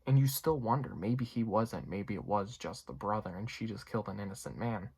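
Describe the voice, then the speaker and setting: A man's voice: on the low side, fairly quick, a little mellow, husky. A young man giving a casual, rambling movie review, full of fillers and asides. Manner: rambling, lots of fillers and you-knows.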